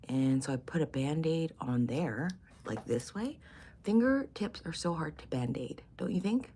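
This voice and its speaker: A woman's voice: low voice, lively intonation, a little slow, mellow, a little hiss or hum. A woman, likely in her forties or older, hosting a casual morning livestream, crude and giggly, chatting to viewers and often dropping into whispers. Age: 40s or older. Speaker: vlogger host.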